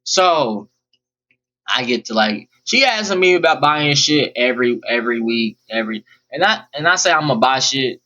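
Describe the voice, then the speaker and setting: A man's voice: mid-range voice, animated, moderate pace, pushed and bright, low-quality recording. A young man rambling bluntly and profanely through a personal storytime vlog. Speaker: vlogger. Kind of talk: casual storytime monologue.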